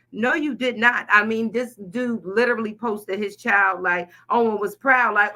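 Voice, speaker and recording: Animated outspoken woman co-host, bright voice. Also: mid-range voice, moderate pace, few pauses. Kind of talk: casual chat.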